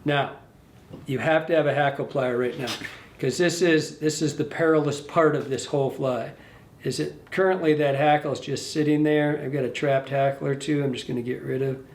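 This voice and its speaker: Man, fly tying instructor, loose rambling delivery, pitched a bit high, roomy echo. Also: steady tone, normal speed, slight background noise. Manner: rambling, self-correcting, talks to the fly as he works. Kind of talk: casual hands-on tutorial. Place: fly shop tying bench.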